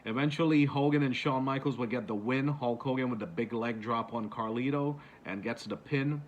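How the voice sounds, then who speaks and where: A man's voice: mid-range voice, normal speed, lo-fi sound, slight background noise. A man casually retelling moments for a countdown video, rambling with many fillers and restarts. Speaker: YouTuber.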